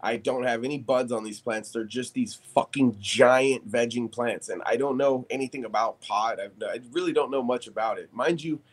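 A man, a podcast guest, telling a story in casual chat, animated and profane, laughing as he talks. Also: medium pitch, normal speed, hardly any pauses.

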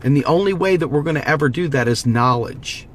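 A man's voice: a little high, lively intonation, brisk, a little hiss or hum. A man giving an impassioned direct-to-camera monologue, preachy and urgent, repeating slogans as he rallies his viewers. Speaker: political vlogger.

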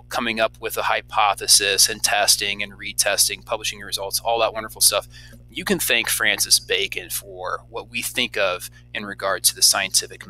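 A man teaching a recorded lecture in a lively, conversational way, often checking in with rhetorical questions. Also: lowish voice, low-quality recording.

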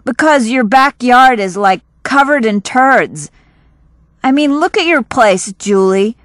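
A woman's voice: a little high, animated, slow, a bit bright, no echo, studio quality. A woman reading the lines of an earnest, awkward teenage boy who talks bluntly and evasively.

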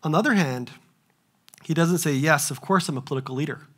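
Animated man preaching a sermon. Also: fairly high pitch, fast, breathy edge. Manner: animated, asks rhetorical questions and acts out quoted voices. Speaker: pastor.

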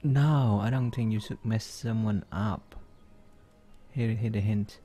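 A man casually commenting on his gameplay, hesitant and muttering, with many ums and pauses. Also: on the low side, dark tone.

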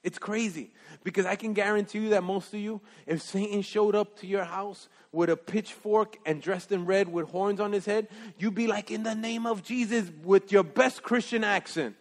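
A male preacher delivers an animated, emphatic sermon in a high voice. He swings from loud exclamations to hushed asides. His voice rings with a long hall reverb. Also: moderate pace, few pauses. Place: church sanctuary.

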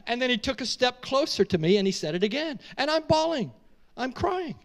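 High-voiced male preacher telling stories. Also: a little fast. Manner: animated and emotional, with casual asides. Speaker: pastor. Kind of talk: storytelling sermon.

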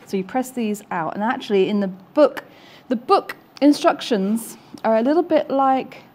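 A woman's voice: fairly high pitch, moderate pace, a little mellow. Chatty woman demonstrating quilting. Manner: chatty, self-deprecating, explains while sewing. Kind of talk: casual demonstration chat.

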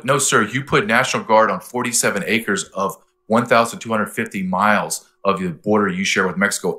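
Bright, lively man telling emphatic stories. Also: fairly low pitch. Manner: animated, emphatic storyteller. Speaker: interview guest. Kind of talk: interview talk.

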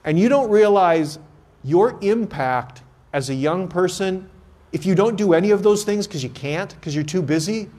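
A man's voice: high-pitched, expressive, normal speed, darkish tone. A man, a priest, giving a homily at a confirmation Mass and telling stories in an earnest, conversational way.

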